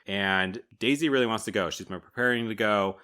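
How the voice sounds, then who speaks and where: A man's voice: lowish voice, fairly quick, clean tone. A man co-hosting a podcast, casually recapping a movie scene by scene and acting out the characters' lines with a laugh. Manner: animated retelling with quoted voices and laughter. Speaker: podcast co-host. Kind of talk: casual film recap chat.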